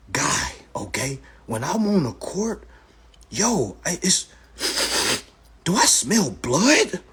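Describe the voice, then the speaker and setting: Hosting a casual live stream chat, a man in his thirties speaks in an animated, preachy way, with loud exclamations and muttered asides. His voice is a little high with a breathy edge.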